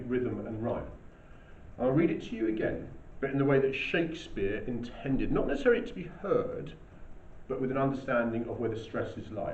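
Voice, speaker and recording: A man's voice: mid-range voice, darkish tone. English male teacher, distant roomy sound. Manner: explanatory, frequent "okay?" checks. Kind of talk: classroom lesson. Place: classroom. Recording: distant, dull, roomy with faint hiss.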